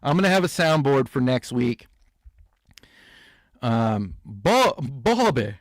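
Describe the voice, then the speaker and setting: A man's voice: mid-range voice, sing-song, slow pace, no room sound, clean studio sound. A man hosting a comedy reaction show, riffing sarcastically and laughing at clips. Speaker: host.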